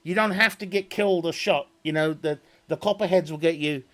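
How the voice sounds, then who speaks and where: A man's voice: a little high, fairly quick, a bit bright. A man chatting casually with viewers on a live stream, rambling, swearing freely and laughing often.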